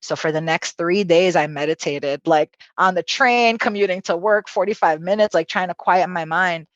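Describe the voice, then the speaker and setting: A woman who is a podcast guest and spiritual healer, telling a personal story with animated, profane energy and acting out quotes. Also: on the low side, normal speed, dry recording, dull audio.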